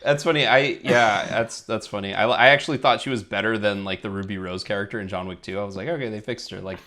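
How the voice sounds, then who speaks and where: Male co-host, lowish voice, jokey and upbeat film chat. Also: fairly even intonation, sharp tone. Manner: jokey, quick to laugh, enthusiastic. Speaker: podcast co-host. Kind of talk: casual movie review chat.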